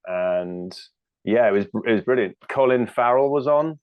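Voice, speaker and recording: A man's voice: medium pitch, animated, normal speed, clean tone, dry recording, phone-quality sound. A British man in his thirties, a comedian chatting as an interview guest, rambling and self-deprecating with lots of fillers and restarts. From United Kingdom. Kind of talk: casual interview chat.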